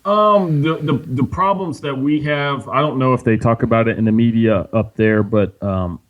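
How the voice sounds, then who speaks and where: A man's voice: medium pitch, normal speed, narrow, tinny audio. A man from South Texas with a slight Southern twang, a podcast guest answering questions hesitantly with many fillers. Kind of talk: casual interview answers.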